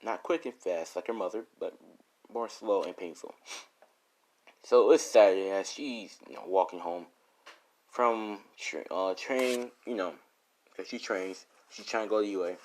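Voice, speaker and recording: A man improvising a dark fan story, rambling with frequent self-corrections and "you know"s. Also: lowish voice, a little slow. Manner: rambling, many restarts and fillers.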